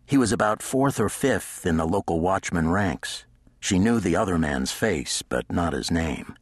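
A man narrates a thriller audiobook with a measured, gritty delivery. His voice is deep and husky, captured dry and close on a studio mic. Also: animated, no echo. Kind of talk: scripted narration.

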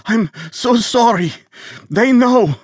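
A man's voice: very high-pitched, animated, takes it slowly, breathy edge, no echo, studio quality, pitched above the performer's own voice, full character voice. A man voicing a wounded, bleeding older man with an Eastern European accent, frantic and out of breath. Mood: desperate. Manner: gasping, frantic apologies. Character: wounded gray-haired man, bleeding, desperate.

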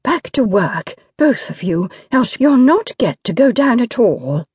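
A woman's voice: fairly high pitch, very animated, unhurried, a little mellow, slightly rough, no echo, clean studio sound, pitched above the performer's own voice, full character voice. A woman reading an audiobook, voicing a prim female governess with a clipped, proper manner. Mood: stern. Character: prim female governess, stern but smitten.

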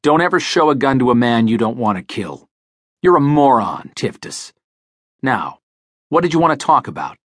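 A man's voice: medium pitch, big pitch swings, normal speed, dry recording, clean studio sound. A man voicing a cold, curt male professional thief in an audiobook, blunt and clipped. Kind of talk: audiobook character voice.

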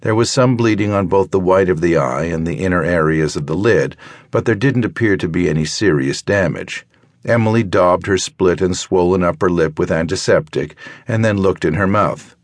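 A man with a very low, deep voice reads a thriller audiobook in a measured, even way. The recording is close and dry, with no room sound. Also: no room sound. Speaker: audiobook narrator. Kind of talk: scripted narration.

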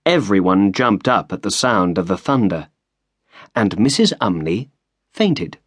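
A man narrating a storybook in a measured, expressive way, close to a studio mic. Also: sits low, slightly rough, no room sound. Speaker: audiobook narrator.

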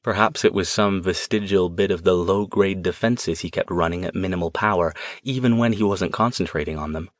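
A man narrating an audiobook in a tense, measured storytelling manner. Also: low-pitched, no echo, studio quality. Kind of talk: scripted narration.

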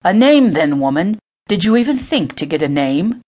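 Woman playing a bossy old lord, stern, low voice, short fuse. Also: animated, moderate pace. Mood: angry. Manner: stern, commanding. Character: powerful older nobleman, stern and quick-tempered.

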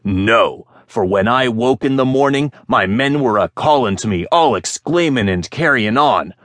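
A man voicing a boastful former pirate who tells tall tales in rough dialect. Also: medium pitch, lively intonation, measured pace, a bit bright, no room sound, voice pushed up. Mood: storytelling. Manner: swaggering, dialect speech. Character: boastful old male ex-pirate storyteller.

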